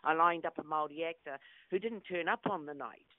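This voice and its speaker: Middle-aged New actress, storyteller guest, dry tinny phone-quality audio. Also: female voice, sits low, a little fast, dry recording. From New Zealand. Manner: lively anecdotal, acts out quotes. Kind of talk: interview storytelling.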